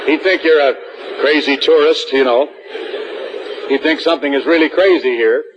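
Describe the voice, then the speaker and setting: A man's voice: a little high, moderate pace, muffled recording, a little hiss or hum. A man speaking to new college students in an auditorium, giving a folksy assembly address and acting out little scenes.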